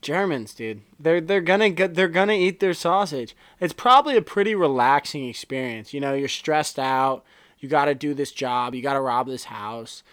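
Joking man with a higher voice, dry mic. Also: expressive, normal speed, fairly bright tone, clean tone, dry recording. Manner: joking, laughs often, riffs with made-up voices. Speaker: podcast co-host. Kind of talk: casual podcast chat.

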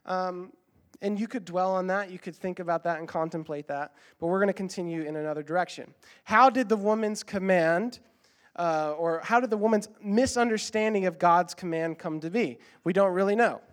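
A man's voice: high voice, moderate pace. A man preaching a sermon, earnest and emphatic, repeating exhortations and slipping in ums and uhs as he explains. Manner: uses fillers like um and uh when explaining. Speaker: pastor.

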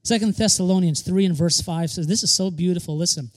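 A man's voice: sits high, fairly quick. A man preaching a sermon as pastor, emphatic, repeating key phrases for stress and slipping in joking asides.

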